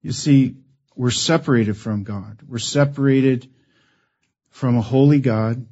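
An earnest male preacher explains his message with one rhetorical question after another. His mid-pitched voice comes through a dull, muffled recording. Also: slow, a little mellow. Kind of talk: sermon-like teaching.

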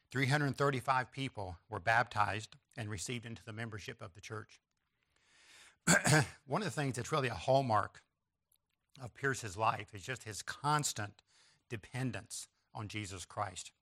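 A man's voice: fairly low pitch, sharp tone. A man preaching a sermon, stressing key phrases with emphatic repetition and pointing listeners to an outline. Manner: references an outline and slides to listeners.

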